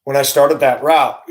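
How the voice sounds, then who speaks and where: A middle-aged man, a former school bus driver, telling a personal story in a conversational way and speaking straight to his listeners. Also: medium pitch. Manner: conversational, addresses listeners directly, acts out dialogue in his telling.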